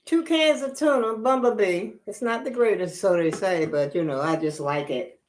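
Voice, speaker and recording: With a medium pitch, a darkish tone and normal speed, an older woman vlogs casually on a live stream. She's homey and talkative, says y'all to her audience, and sounds a little breathless.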